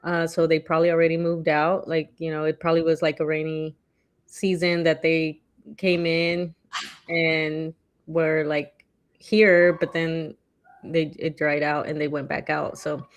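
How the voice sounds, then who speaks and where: A woman's voice: deep voice, little pitch movement, slow. A woman co-hosting a casual chat, talking loosely with lots of fillers and acting out quotes animatedly. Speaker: podcast co-host.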